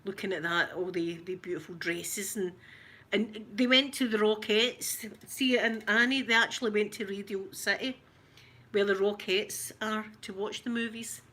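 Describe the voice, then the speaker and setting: A woman's voice: mid-range voice, fairly even intonation, moderate pace, pushed and bright. A middle-aged woman from Glasgow with a Glaswegian Scottish accent, chatting in a rambling, giggly way while unboxing makeup. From Glasgow, Scotland. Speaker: ASMR channel host.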